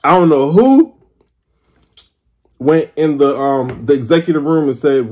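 A man's voice: a little high, animated, darkish tone. A man in his thirties, a food vlogger, ranting in an exasperated, swearing way during a mukbang. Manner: exasperated, swearing, drawn-out complaints. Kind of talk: mukbang rant.

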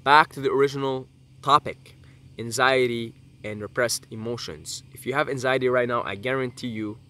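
A man's voice: mid-range voice, normal speed, pushed and bright. A young man talking to his camera in a casual vlog, earnest and rambling, swearing freely and drifting off on tangents. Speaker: YouTuber.

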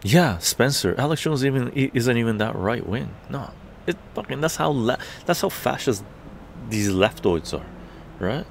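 A man's voice: mid-range voice, lively intonation, normal speed, gravelly, slight background noise. A man telling a story in a heated, profane live-stream rant. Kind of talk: ranting live-stream monologue.

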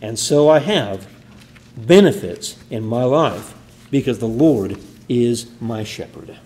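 A man preaching a sermon in a church, earnest, building emphasis then falling to quiet endings. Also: medium pitch, expressive, takes it slowly, slight background noise.

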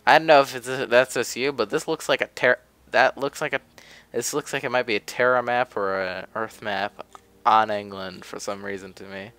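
A man's voice: mid-range voice, fairly even intonation, normal speed, fairly bright tone, clear, resonant tone, dry recording. A young man giving casual, chatty commentary while playing a game, often grumbling offhandedly. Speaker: gameplay commentator. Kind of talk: casual let's play commentary. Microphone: desk mic.

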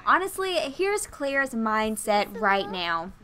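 A woman's voice: fairly high pitch, big pitch swings, slow, pushed and bright. A young woman doing casual gameplay commentary, chatty and gushing with lots of fillers. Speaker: let's play host.

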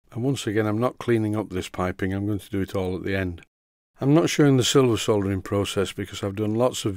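A man's voice: lowish voice, a little mellow, no room sound. A man with a Yorkshire accent giving a methodical, step-by-step model engineering tutorial as a voice-over, with a dry sense of humour. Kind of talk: instructional voice-over.

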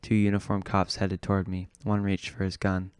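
A man reading a novel aloud in a steady, low-key way. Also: moderate pace, smooth, no echo, clean studio sound. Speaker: audiobook reader.

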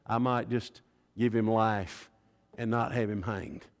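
A preacher voicing a stern, measured older governor who speaks low and deliberately. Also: male voice, steady tone, gravelly. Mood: grave. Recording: long hall reverb.

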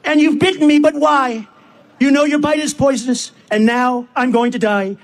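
A man's voice: high-pitched, flat delivery, fast talker, darkish tone, natural voice. A man reciting a poem, voicing a tender-hearted woman who pleads in a raised voice. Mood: distraught.

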